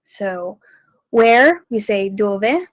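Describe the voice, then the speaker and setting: Slow, deliberate woman teaching on radio. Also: mid-range voice, expressive, no echo, poor audio. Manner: slow, deliberate, repeats each phrase to teach it. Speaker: radio host and language teacher. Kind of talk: radio language lesson. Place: radio studio.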